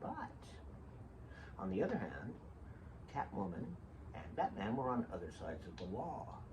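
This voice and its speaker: A show host with a fairly low voice and huge pitch swings takes his time telling rambling, digressive stories, throwing in jokey asides for listeners. It's a casual storytelling monologue, and the distant mic carries a faint background hiss.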